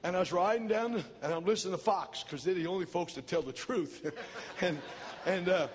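Very high-voiced fiery male preacher. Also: normal speed, long reverb tail, slight background noise. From United States. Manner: fiery, shouting, dramatic. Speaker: pastor. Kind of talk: revival sermon. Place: large church.

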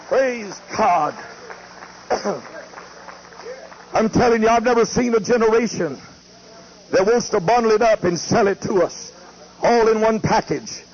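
A male pastor, preaching a fiery sermon with shouting and declaiming. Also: high voice, huge pitch swings, takes it slowly, pauses often. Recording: muffled lo-fi tape with faint hiss.

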